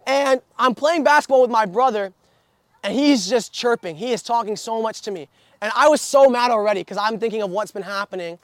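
A man's voice: high-pitched, a little fast, no echo. A young man preaching a sermon, telling stories with many restarts and fillers. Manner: storytelling with frequent restarts and filler.

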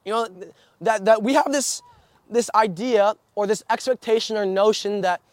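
A man's voice: high-pitched, moderate pace, no room sound. A young man preaching a sermon, telling stories with many restarts and fillers. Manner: storytelling with frequent restarts and filler.

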